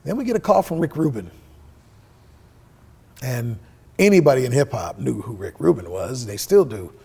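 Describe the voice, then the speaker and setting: Gravelly middle-aged man telling stories. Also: medium pitch, moderate pace. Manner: profane, animated storyteller who acts out quoted dialogue. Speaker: interview guest, musician. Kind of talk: casual storytelling interview.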